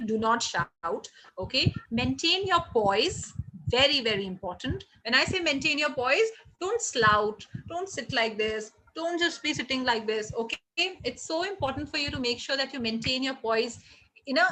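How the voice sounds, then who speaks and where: A middle-aged woman with an Indian English accent, running a live online hospitality training session, energetic and encouraging as she reads out the chat. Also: high voice, slight background noise, rough recording. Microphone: video call.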